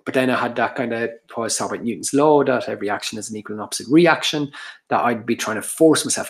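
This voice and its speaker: A man's voice: medium pitch, quick pace. A man giving an earnest, explanatory workshop talk on social anxiety, often restarting his sentences.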